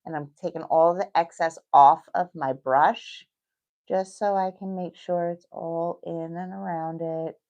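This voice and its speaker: Middle-aged woman, New York accent, chatty nail tutorial, reassuring, slightly low voice. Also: steady tone, a little slow, a little mellow, dull audio. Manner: chatty, reassuring, thinks aloud while working. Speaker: nail technician. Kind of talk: casual tutorial talk.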